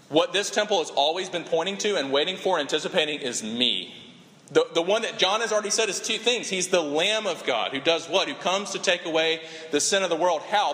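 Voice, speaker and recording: A man preaching a sermon with impassioned, animated storytelling and dramatic pauses. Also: on the high side. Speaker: pastor. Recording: echoey hall with long reverb.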